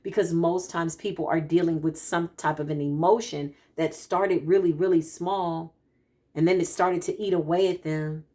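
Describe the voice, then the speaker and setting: Brief: lower-voiced woman, spiritual card reader, emphatic and animated, repeats herself for emphasis. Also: normal speed. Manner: animated, emphatic, preacher-like repetition. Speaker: spiritual practitioner giving a card reading. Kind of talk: spiritual talk to followers.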